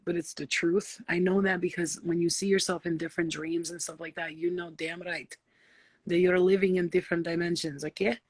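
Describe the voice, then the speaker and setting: Gravelly, husky woman on a late-night chat. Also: fairly low pitch, dry recording. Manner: profane, blunt and animated, slips into playful voices. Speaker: spiritual live-stream host.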